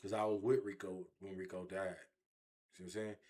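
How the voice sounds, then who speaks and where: A man telling his own story in an interview, animated and repetitive, with heavy street slang. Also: low-pitched, brisk. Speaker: interview guest.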